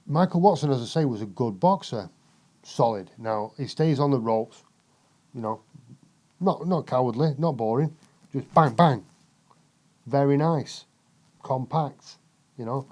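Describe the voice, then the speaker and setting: A man swearing freely while telling animated stories as a boxing pundit in casual podcast chat. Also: mid-range voice. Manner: profane, animated storytelling.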